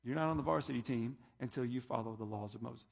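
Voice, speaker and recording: A man's voice: medium pitch, fast talker, creaky, breathy edge. Preaching man in a reverberant hall. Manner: preaching, reading scripture aloud with rising emphasis. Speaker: pastor. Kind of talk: sermon.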